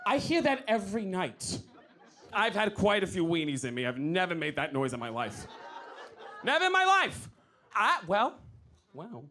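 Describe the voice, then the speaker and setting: A man's voice: sits high, wildly swooping pitch, normal speed, pauses often, pushed and bright. A man doing a stand-up set on a club stage, flamboyant and playful with the crowd. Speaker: stand-up comedian.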